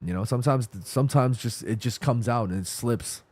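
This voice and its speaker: A man's voice: medium pitch, moderate pace, darkish tone, no echo. Tired New York man chatting on stream. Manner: rambling, restarts and self-corrections. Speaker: football livestream host. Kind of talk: casual live-stream chat reading comments.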